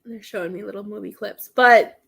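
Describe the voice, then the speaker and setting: A woman giving a spiritual reading in a casual, halting way, repeating herself and fighting back tears. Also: medium pitch, steady tone, creaky, a bit bright, breathy edge. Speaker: psychic medium giving a reading.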